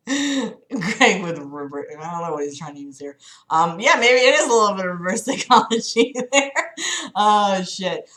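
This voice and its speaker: Woman, slow sarcastic book reading with wry commentary, bright lively voice, echoey room. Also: on the low side. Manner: sarcastic, laughs often, swears. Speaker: livestreamer reading a book aloud. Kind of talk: mocking read-aloud with commentary.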